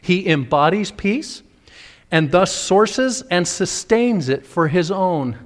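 Fervent high-voiced preacher in a reverberant hall. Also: male voice, animated, takes it slowly. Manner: fervent, acts out quoted voices with big swings. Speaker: pastor. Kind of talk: sermon. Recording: long reverb of a large hall.

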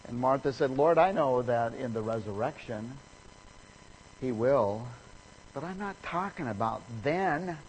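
Animated male preacher telling a story. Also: unhurried, a little hiss or hum, rough recording. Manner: animated storytelling, acting out the people in the story with jumps in pitch and volume. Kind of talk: sermon.

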